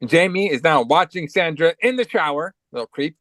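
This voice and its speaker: A man's voice: a little high, lively intonation, moderate pace, a bit bright, no room sound. A man with a cold co-hosting a podcast, giving a loose, profane, filler-heavy recap of a movie. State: has a cold. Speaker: podcast co-host.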